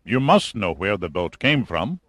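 A man's voice: lowish voice, sing-song, measured pace, a bit bright, no echo, clean studio sound, exaggerated voice. A man doing a cold, commanding general. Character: cold, menacing middle-aged male general.

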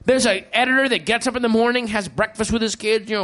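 A man's voice: sits high, quick pace, a bit bright. A man doing stand-up comedy, profane and emphatic, drawing out his punchlines. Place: comedy club stage with audience laughing.

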